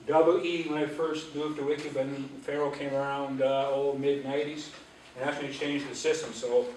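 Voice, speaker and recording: A man's voice: medium pitch, little pitch movement, darkish tone, a little hiss or hum. Man teaching in an echoey hall. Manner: patient, repeats and drills syllables slowly. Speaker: Ojibwe language teacher. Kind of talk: classroom language lesson. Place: library auditorium. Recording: echoey room, voice from a distance.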